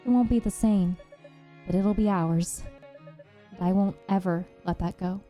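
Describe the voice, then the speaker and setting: Woman, mid-pitched voice, earnest and gushing, reading a visual novel on stream, faint music behind. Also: unhurried, dark tone.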